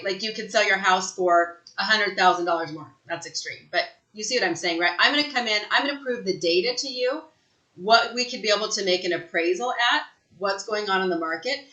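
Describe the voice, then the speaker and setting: Bright-voiced, emphatic woman trainer. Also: mid-range voice, roomy sound, highs cut off. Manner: emphatic, energetic, tags lines with "right?". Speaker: real estate sales trainer. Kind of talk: live online training talk.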